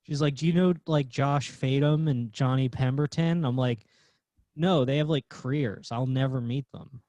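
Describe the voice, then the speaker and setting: A man's voice: medium pitch, steady tone, normal speed, darkish tone, no echo. Self-deprecating comedian guest, man. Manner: self-deprecating, laid-back storytelling. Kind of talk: casual chat.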